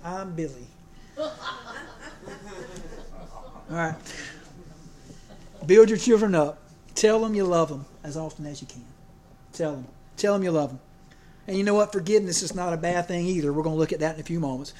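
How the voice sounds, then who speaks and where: A man's voice: on the high side, normal speed, long pauses, warm tone, slight background noise. A man preaching a folksy sermon, joking and often restarting his sentences. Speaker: pastor.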